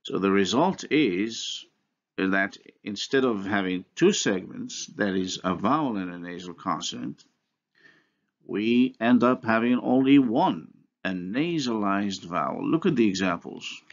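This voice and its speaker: A man lecturing on phonology at a slow, deliberate pace, his low voice gravelly and creaky. He works through examples step by step, pausing often and restarting now and then. The recording sounds dull and lo-fi. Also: lively intonation. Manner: slow, methodical explaining with pauses and restarts. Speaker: university linguistics lecturer.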